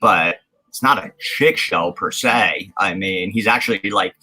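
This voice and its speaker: A man's voice: low voice, unhurried, bright, forceful tone, slightly rough, low-quality recording. A man from the United States co-hosting a podcast in casual chat, rambling with many restarts and fillers. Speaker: podcast co-host.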